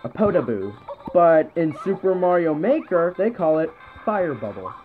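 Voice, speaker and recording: Rambling gamer, lively pitch. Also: female voice, moderate pace, phone-quality sound, faint music behind. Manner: rambling, hesitant, many fillers. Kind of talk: casual let's-play commentary.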